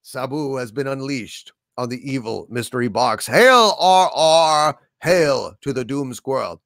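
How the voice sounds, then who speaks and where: A man's voice: medium pitch, moderate pace, gravelly, no echo, clean studio sound. An older man hosting a livestream, reading super chats aloud with grand, theatrical proclamations. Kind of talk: casual livestream chat.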